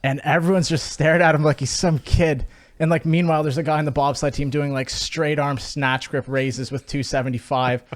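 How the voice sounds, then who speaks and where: A man's voice: a little high, little pitch movement, moderate pace. A man from Canada hosting a podcast in casual chat, rambling with lots of fillers and swearing freely. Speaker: podcast host.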